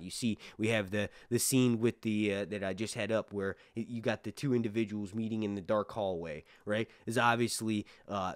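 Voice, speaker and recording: A man's voice: fairly low pitch, no echo, clean studio sound. A man giving casual, rambling commentary as a show reviewer, full of fillers and restarts. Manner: rambling, many fillers and restarts, animated bursts.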